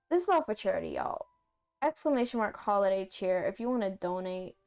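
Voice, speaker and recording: A woman's voice: mid-range voice, animated, a little fast, creaky, a little mellow. A woman streamer reading her own fanfic aloud on a livestream, giggly and self-conscious, full of jokey asides. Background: faint music.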